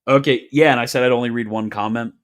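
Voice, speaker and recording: A man's voice: mid-range voice, steady tone, fast. A man casually hosting a livestream Q&A, reading viewer questions with wry, joking asides and frequent laughter.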